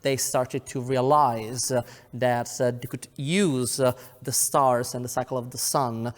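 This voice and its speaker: Guy giving a science lecture, lots of uh's, mid pitch, long hall echo. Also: fairly even intonation. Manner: halting, peppered with "uh" fillers. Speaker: guest speaker, astrophysicist. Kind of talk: public lecture. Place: lecture venue, indoors.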